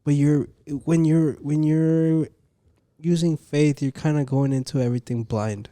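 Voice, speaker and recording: A man's voice: fairly high pitch, fairly even intonation, measured pace, mellow, no room sound. Skeptical man, dry sound. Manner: skeptical, reasons things out. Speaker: podcast co-host. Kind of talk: casual chat and debate.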